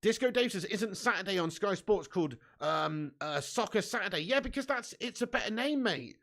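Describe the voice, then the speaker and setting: A high, gravelly man hosts a live football watch-along. His voice is bright and forceful. He commentates excitably, swears casually, and reads out viewer messages between the action. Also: normal speed. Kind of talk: live match commentary and chat reading.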